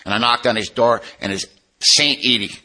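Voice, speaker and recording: A man's voice: mid-range voice, moderate pace, pushed and bright. A man telling his recovery story to a meeting, plainspoken and emotional. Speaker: recovery speaker. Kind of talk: personal testimony at a recovery meeting.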